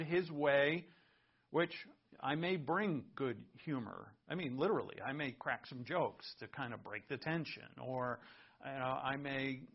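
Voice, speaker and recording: A man preaching a sermon, reading scripture aloud and explaining it in an earnest teaching tone. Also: medium pitch. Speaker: pastor. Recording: muffled lo-fi recording.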